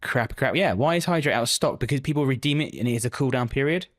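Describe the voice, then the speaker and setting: A man's voice: mid-range voice, animated, fast talker. Chatty, foul-mouthed male streamer. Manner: chatty, swears freely, joking banter. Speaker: live streamer. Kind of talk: casual live-stream chat, answering viewers.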